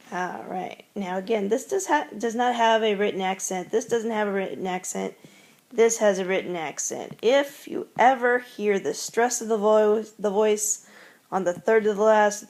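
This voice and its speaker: A woman's voice: medium pitch, darkish tone. A woman teaching classroom commands, patiently repeating each one with its English meaning. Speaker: Spanish teacher. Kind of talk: classroom language lesson.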